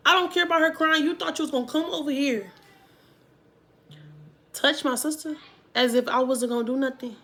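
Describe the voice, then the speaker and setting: Animated woman telling a storytime. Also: on the high side. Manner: animated, emphatic retelling with loud outbursts. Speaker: vlogger. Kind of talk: casual storytime.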